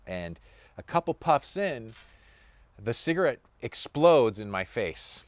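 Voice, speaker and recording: A man's voice: medium pitch, sing-song, slow, no room sound, studio quality. A middle-aged man, a former touring punk musician, relaxedly recounting a tour story with many fillers. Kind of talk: storytelling anecdote.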